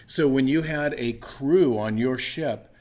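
A man's voice: medium pitch, takes it slowly, darkish tone. Man preaching a conversational sermon. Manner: conversational preaching with frequent restarts. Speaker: pastor.

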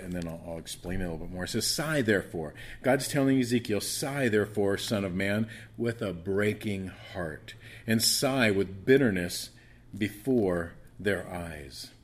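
A man with a soothing voice teaching a Bible study, rambling with frequent restarts and fillers. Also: low voice.

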